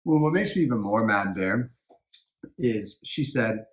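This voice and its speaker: A man's voice: on the low side, lively intonation, measured pace. Blunt man co-hosting a podcast. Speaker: true crime podcast co-host. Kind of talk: casual podcast chat. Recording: echoey room.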